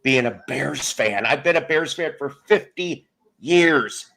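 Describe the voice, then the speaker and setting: A man in his late fifties hosts a relaxed livestream, wandering from one joke to the next and stopping to greet viewers by name. His voice sits at a middle pitch for a man. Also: takes it slowly, creaky. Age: 50s. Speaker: livestream host. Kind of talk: casual livestream chat.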